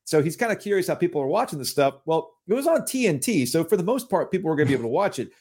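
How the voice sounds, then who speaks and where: A man's voice: on the high side, racing, hardly any pauses, slightly rough. A man hosting a sports podcast, chatting casually and joking with mock indignation. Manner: animated, jokey, mock-indignant rants. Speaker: podcast host.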